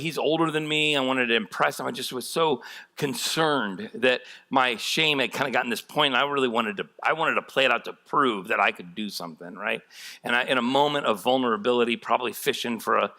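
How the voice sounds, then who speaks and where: Bright-voiced candid male pastor preaching. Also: medium pitch. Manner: candid, self-deprecating storytelling with laughs. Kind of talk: sermon.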